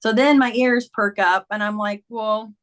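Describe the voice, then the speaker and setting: A woman's voice: fairly high pitch, steady tone, unhurried. A middle-aged woman, a memoir author, earnestly recounting a personal story in conversation, acting out quoted dialogue.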